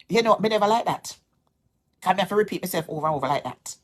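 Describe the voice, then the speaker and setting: A woman's voice: mid-range voice, very fast. A Jamaican woman vlogger speaking straight to camera, insistent and aggrieved, repeating her points as she calls someone out. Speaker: social media vlogger. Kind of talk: heated direct-to-camera callout.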